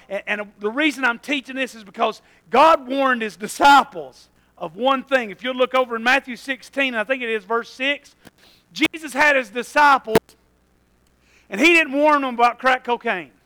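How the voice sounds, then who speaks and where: A man preaching a sermon, moving between quiet asides and loud passages and laughing at his own jokes. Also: very high-pitched, moderate pace, poor audio. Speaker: pastor.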